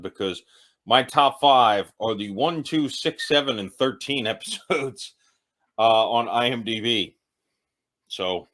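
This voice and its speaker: A tipsy host with a medium-pitched voice that sounds pushed and bright ranks TV episodes in a casual comedic monologue. He rambles loosely and pokes fun at himself throughout.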